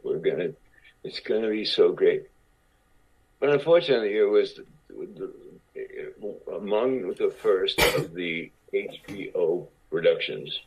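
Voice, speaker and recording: A man's voice: low-pitched, husky. A man in his sixties telling long stories as a guest in a casual interview, often restarting and repeating words. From Cuba. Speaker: actor guest. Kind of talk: conversational storytelling. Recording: dull lo-fi podcast audio.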